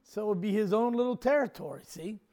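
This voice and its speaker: High-voiced preacher guy, folksy storytelling sermon, chuckles a lot. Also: quick pace, mellow. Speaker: pastor.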